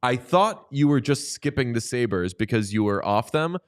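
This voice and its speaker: A man's voice: mid-range voice, expressive, moderate pace, smooth. A man hosting a sports podcast in casual chat, playful and teasing. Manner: playful, teasing, jumps into sing-song bits. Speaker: podcast host.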